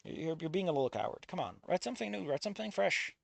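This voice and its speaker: A streamer reading a visual novel aloud in casual commentary, swearing often and swinging from low muttering to loud outbursts. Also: big pitch swings, fast talker, vocal fry, dry recording. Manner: swears a lot, rants and self-mocks.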